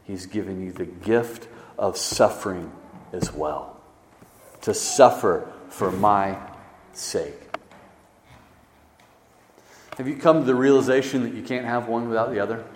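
A man's voice: a little slow, pauses often, slight background noise. Preaching man in an echoey hall. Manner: swings from loud emphasis to hushed low stresses. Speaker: pastor. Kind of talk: sermon. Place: church sanctuary.

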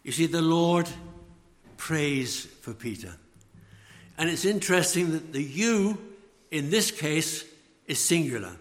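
A man preaching a sermon, slow and emphatic, letting phrase ends fall away. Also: on the high side, expressive. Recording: long church reverb.

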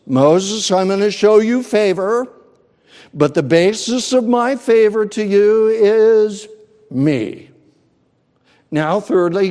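A man preaching a sermon, earnest and emphatic, with deliberate pauses. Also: high-pitched, a little mellow, in a large hall. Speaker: pastor.

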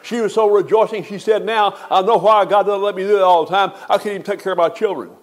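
An older pastor preaching a funeral sermon in a high voice. He talks in a folksy way and rises to emphatic, stretched-out peaks. His delivery is homespun and heartfelt. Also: steady tone, fast.

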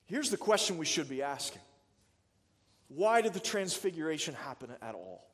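A man with a notably high voice delivers a sermon as pastor, earnest and driven by rhetorical questions. His voice rings out with a long reverb tail, as if in a large church sanctuary. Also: sing-song, normal speed.

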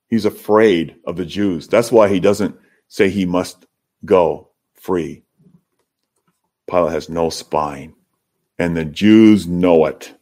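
A man preaching an expository sermon to his congregation, building to emphatic peaks. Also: mid-range voice. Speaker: pastor.

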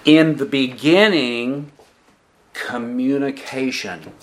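Slow, deliberate male preacher. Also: medium pitch. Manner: slow and deliberate, asking the congregation questions and answering them; stresses key words with emphatic pauses. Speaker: pastor. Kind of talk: expository sermon.

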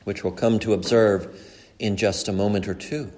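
A male pastor preaching a sermon earnestly, climbing to emphatic peaks and dropping low and slow for key points. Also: steady tone, darkish tone.

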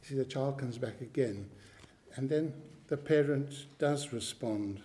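Slow, emphatic male preacher. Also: medium pitch, dark tone. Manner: slow, emphatic, repeats key phrases; clears his throat now and then. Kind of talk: sermon.

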